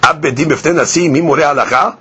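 A man teaching a daily Talmud lesson, reading Aramaic lines and explaining them in in an animated way. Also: a little high, fast talker, husky. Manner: explains Aramaic text line by line in English, animated. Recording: muffled lo-fi podcast recording.

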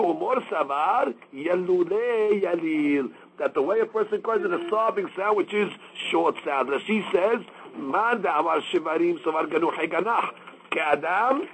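High-voiced man teaching Talmud. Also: slightly rough, rough recording. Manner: explains step by step, mixing Aramaic quotes with English. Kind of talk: daily Talmud class.

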